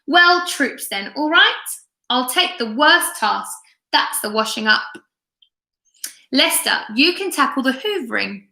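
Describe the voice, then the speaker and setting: A woman's voice: sits high, animated, slow, creaky, pushed and bright, full character voice. A woman voicing a cheerful, bossy father who takes charge of his family like a sergeant. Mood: commanding. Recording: echoey room.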